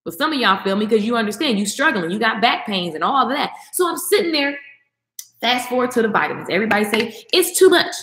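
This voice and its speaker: A woman's voice: fairly high pitch, very animated, fast talker, a bit bright. Passionate woman vlogger in an echoey room. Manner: passionate, emphatic, talks straight to viewers; repeats phrases for emphasis. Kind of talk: motivational talk to camera.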